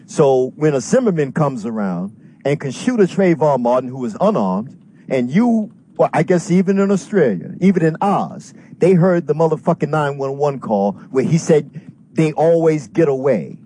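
A man's voice: a little high, sing-song, moderate pace, dark tone, slight background noise. Fired-up profane man ranting. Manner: profane, fired-up, heavy swearing. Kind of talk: heated call-in rant.

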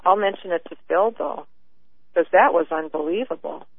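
A woman calling in to a radio show, telling her story earnestly in halting bursts with many restarts. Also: fairly low pitch, animated. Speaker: caller. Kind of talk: call-in radio chat. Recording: tinny phone line.

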